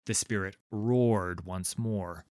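A man reading a fantasy story aloud in a measured, deliberate way. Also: lowish voice, darkish tone, no room sound. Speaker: narrator. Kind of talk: scripted fantasy narration.

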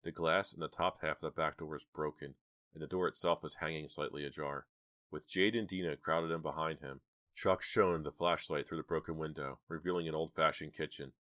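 A man narrating a horror audiobook in a steady, measured storytelling manner. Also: very deep voice, dry recording, studio quality.

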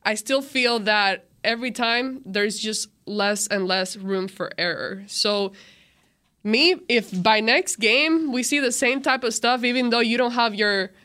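Bright-voiced woman talking sports on radio. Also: on the high side, unhurried. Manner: opinionated, thinks aloud with restarts. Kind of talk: casual sports talk.

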